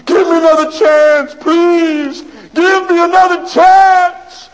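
A man preacher voicing a desperate young male prisoner on death row, shouting and wailing in a high, strained voice. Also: flat delivery, slow pace. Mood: desperate pleading.

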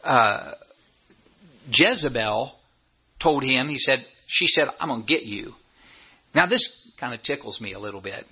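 A man's voice: mid-range voice, expressive, a little slow, pauses often, breathy edge. A man preaching a sermon in church, telling the story with animation and stumbling over repeated words. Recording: dull lo-fi recording.

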